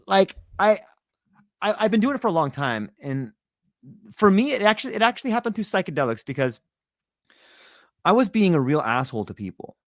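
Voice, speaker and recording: A man's voice: sits high, sing-song, a little fast, long pauses, no room sound, studio quality. A middle-aged man telling a personal story in a candid, casual way, swearing freely and laughing often. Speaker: guest.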